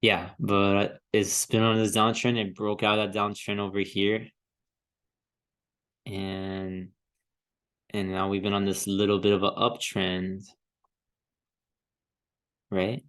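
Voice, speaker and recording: A man's voice: fairly low pitch, completely flat delivery, slow pace, pauses often, fairly bright tone, smooth. A man in a casual vlog talking through trading charts, easygoing and hesitant as he thinks aloud, often trailing off and restarting. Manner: easygoing, chuckles to himself. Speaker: crypto trading vlogger. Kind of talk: casual chart analysis commentary.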